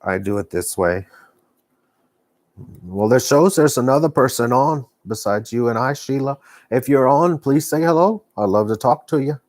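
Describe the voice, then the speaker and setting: A man's voice: medium pitch, expressive, moderate pace, a little mellow, no echo. A man with a Texan accent chatting casually on a live stream from his home, folksy and rambling with lots of fillers. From Texas. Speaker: knitting vlogger. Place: home living room.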